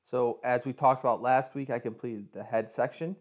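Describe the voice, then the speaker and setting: A man's voice: mid-range voice, fairly even intonation, moderate pace. A man co-hosting a casual podcast, joking around and explaining his project step by step. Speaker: podcast co-host.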